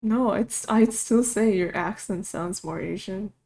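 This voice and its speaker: A woman's voice: mid-range voice, unhurried, darkish tone. A young woman in casual chat who hedges, laughs often and pushes back.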